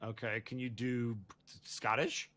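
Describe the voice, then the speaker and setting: A man's voice: medium pitch, flat delivery, takes it slowly, fairly bright tone. A man running a casual group segment, joking and playful as he prods the others.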